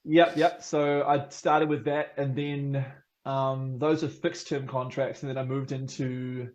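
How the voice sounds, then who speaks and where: A man's voice: mid-range voice, flat delivery, unhurried, darkish tone, muffled recording. Chatty New Zealand man. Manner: chatty, laughs often, many fillers. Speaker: podcast guest. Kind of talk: casual chat.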